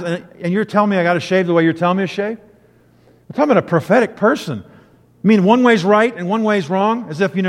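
A middle-aged man preaching a sermon, animated, acting out the people he quotes. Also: sits high. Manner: animated storyteller, acts out quotes. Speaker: pastor. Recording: long reverb of a hall.

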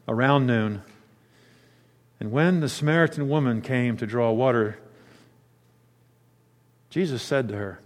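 Animated preacher in an echoing hall. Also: male voice. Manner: animated, conversational, with dramatic pitch swings. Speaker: pastor. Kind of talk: sermon.

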